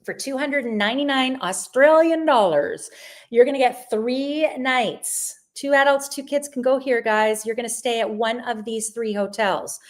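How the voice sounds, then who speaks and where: A woman's voice: fairly high pitch, moderate pace. A woman hosting a live online travel sale, chatting in an upbeat, rambling way as she presents deals and answers viewer questions. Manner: chatty and upbeat, with frequent restarts. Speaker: livestream sale host. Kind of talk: live shopping stream presenting.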